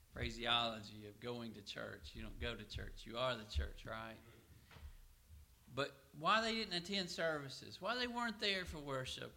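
Bright-voiced man preaching a sermon. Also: medium pitch. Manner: asks and answers his own questions; slows down to read scripture aloud.

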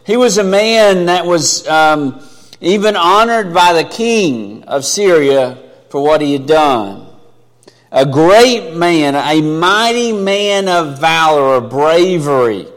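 A man preaches a sermon with a fairly high voice that lifts for emphasis and sinks low and soft for asides. He talks in an earnest, conversational way and often restarts his phrases. His voice carries a long reverb from a large hall. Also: lively intonation, takes it slowly. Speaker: pastor.

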